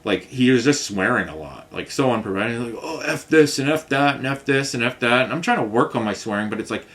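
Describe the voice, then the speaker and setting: A man's voice: mid-range voice, expressive, fast, a bit bright. Rambling, frustrated man telling a story. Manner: frustrated, rambling storytelling full of "like" and "you know what I mean". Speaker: vlogger recounting a customer complaint. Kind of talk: casual rambling monologue.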